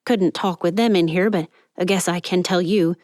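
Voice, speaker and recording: A woman's voice: fairly low pitch, fairly even intonation, moderate pace, a little mellow, no room sound, lightly acted. Lady doing a gossipy young elevator guy, folksy and slangy, dry read. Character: chatty young male elevator attendant, gossipy.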